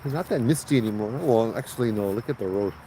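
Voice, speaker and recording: A man's voice: on the low side, quick pace, mellow, a little hiss or hum, rough recording. A man with a Hawaiian Pidgin accent, from Hawaii, telling ghost stories in a loose, laughing, slangy way outdoors at night by a road. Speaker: ghost story host. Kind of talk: casual storytelling livestream.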